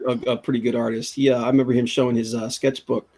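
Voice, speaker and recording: Chill guy hosting a podcast, kinda husky, says dude a lot, laughs. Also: medium pitch, level tone, fast talker, mellow. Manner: laid-back, laughs, says dude and man. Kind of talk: casual chat.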